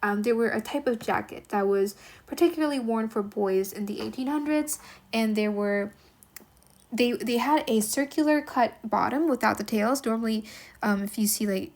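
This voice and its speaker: A woman's voice: medium pitch, gravelly. A woman reading a classic novel aloud and explaining it as she goes, in a chatty, musing way full of fillers. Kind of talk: read-aloud lesson with commentary.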